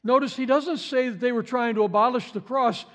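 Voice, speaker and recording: A man's voice: very high voice, brisk, a bit bright. A man preaching a sermon, stressing and repeating key phrases for effect. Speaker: pastor.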